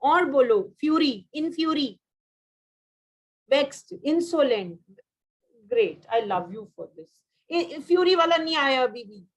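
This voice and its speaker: A woman's voice: high-pitched, animated, poor audio. A woman with an Indian English accent teaching a vocabulary class, drilling synonyms, praising students and slipping into Hindi. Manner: switches into Hindi mid-sentence, drills words, quick praise.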